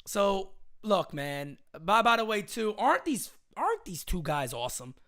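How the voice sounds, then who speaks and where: A man joining a casual sports fan show, excitable and animated, telling stories with lots of energy. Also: sits high, moderate pace. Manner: excitable, laughing, animated storyteller. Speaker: guest co-host. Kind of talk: casual sports podcast chat.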